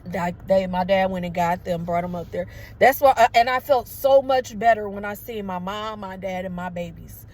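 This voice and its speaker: A woman's voice: medium pitch, moderate pace, a little mellow. A woman in her thirties telling a personal story to her viewers in a casual, emotional way. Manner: emotional, conversational, addresses viewers as y'all. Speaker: vlogger. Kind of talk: storytelling to camera.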